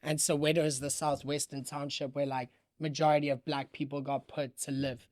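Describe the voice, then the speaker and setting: A man's voice: fairly high pitch, level tone, a little fast, a little mellow, no room sound, clean studio sound. Laid-back South African skater guy. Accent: light Johannesburg South African. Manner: laid-back, slangy, says "bro" and "quite frankly" a lot. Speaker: guest skateboarder. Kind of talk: casual podcast chat.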